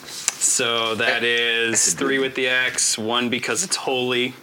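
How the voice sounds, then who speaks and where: A man's voice: medium pitch, little pitch movement, slow pace, noisy background. A man playing a tabletop game, playful and laughing as he declares his moves. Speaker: player. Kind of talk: casual chat at a tabletop game.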